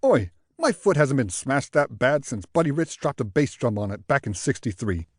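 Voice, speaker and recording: Guy putting on a crotchety old new york sax player, loud and grumbly, pitch bouncing all over. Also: very animated, slightly rough, no room sound. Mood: grumbling. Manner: loud, grumbling, quick retorts.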